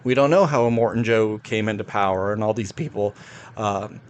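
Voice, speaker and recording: A man co-hosting a podcast, talking quickly and agreeably about films, often chiming in with short replies. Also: on the low side, smooth, highs cut off. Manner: quick, chatty, agreeable with frequent backchannels. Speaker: podcast co-host. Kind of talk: casual film discussion.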